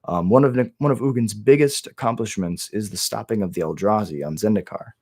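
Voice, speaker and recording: Young man, lore storyteller, casual, rambling, ums and restarts, lowish voice. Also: brisk, a little mellow. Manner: loose, rambling, lots of fillers and restarts. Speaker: lore video creator.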